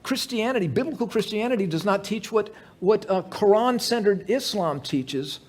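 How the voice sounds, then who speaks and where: Husky, lively-voiced male pastor preaching. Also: high-pitched, normal speed. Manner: conversational, joking, full of rhetorical questions. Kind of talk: sermon. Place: church sanctuary, evening service.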